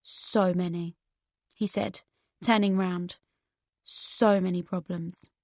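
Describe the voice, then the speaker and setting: A man's voice: high voice, level tone, slow pace, a little mellow, dry recording. A woman voicing a blunt, teasing teenage boy with a posh, sardonic edge. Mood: dry.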